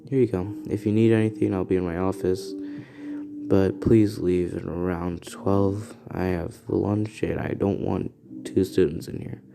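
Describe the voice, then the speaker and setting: A man voicing an old female school nurse, calm and matter-of-fact, close to his own deep voice. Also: measured pace, gravelly, over music.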